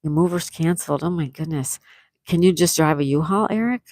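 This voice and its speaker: A woman's voice: deep voice, brisk, darkish tone, no echo, rough recording. A retired woman in her sixties hosting a casual livestream, reading viewers' comments aloud and chatting back. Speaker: livestream host.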